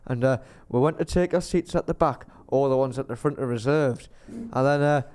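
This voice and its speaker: Man, podcast co-host, casual rambling anecdote, smooth resonant voice. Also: medium pitch, normal speed, darkish tone. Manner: rambling storyteller, acts out quotes. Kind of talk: casual chat.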